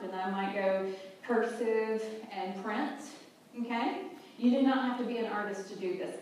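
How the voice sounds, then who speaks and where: A woman's voice: medium pitch, a little mellow, echoey room, slight background noise. A woman giving an informal Bible teaching in a conversational, homespun way, with fillers and restarts. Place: teaching room with a group.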